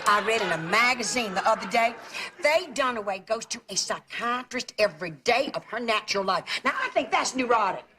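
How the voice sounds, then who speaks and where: An actress playing a gossipy, nonstop-talking middle-aged aunt, in a sitcom. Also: female voice, fairly high pitch, animated, brisk, pushed and bright. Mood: chatty. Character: gabby meddling Southern aunt, middle-aged woman. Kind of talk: sitcom acting. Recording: noisy TV broadcast audio.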